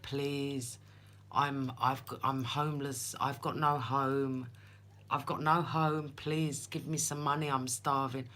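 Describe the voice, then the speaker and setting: A woman's voice: very deep voice, little pitch movement, takes it slowly, fairly bright tone, heavily acted. A pleading homeless man begs for money in a whiny, repetitive voice, as a woman mimics him. The voice stays close to her own.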